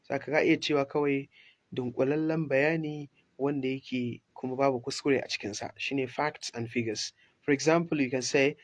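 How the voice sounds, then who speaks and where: A man with a Nigerian Hausa accent, teaching English idioms and switching languages as he explains. His voice sits at a middle pitch and sounds dry and close, with no room around it. He repeats example phrases slowly for his learners. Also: fairly even intonation, dry recording. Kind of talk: recorded language lesson.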